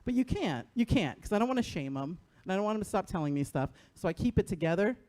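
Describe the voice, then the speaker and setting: A woman's voice: expressive, fast talker, warm tone. A middle-aged woman from New Jersey doing a profane stand-up set on a club stage, often laughing at her own lines. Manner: brash, profane, laughing often, acting out her son in a high voice. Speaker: stand-up comedian. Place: comedy club stage before a live audience.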